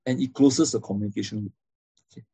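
A man's voice: fairly low pitch, quick pace, dark tone, husky, no room sound. A man giving a classroom lecture, explaining step by step and often checking in with "okay?" and "right?".

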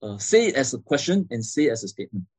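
A man's voice: medium pitch, sing-song, fast, a little mellow, husky, no room sound. A man giving a classroom lecture, explaining step by step and often checking in with "okay?" and "right?".

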